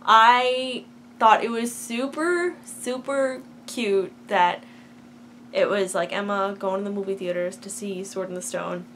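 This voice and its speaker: A woman's voice: mid-range voice, measured pace, a bit bright, slight background noise. A young woman vlogger chatting casually about a TV episode, filler-heavy and gushing, turning to ranting. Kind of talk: casual TV episode reaction chat.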